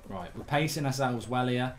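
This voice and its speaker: A man giving live, animated commentary while he plays a video game, mocking himself and grumbling at his misses. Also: mid-range voice, normal speed. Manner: animated, self-mocking, exasperated. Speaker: gaming streamer. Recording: faint music behind.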